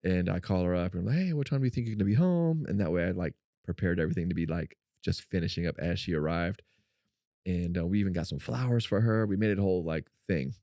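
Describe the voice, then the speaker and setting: A man co-hosting a faith-based podcast, telling a personal story in an animated way and acting out what people said. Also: fast, no room sound, studio quality. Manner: animated storyteller, acts out quotes in a high voice. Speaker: podcast co-host.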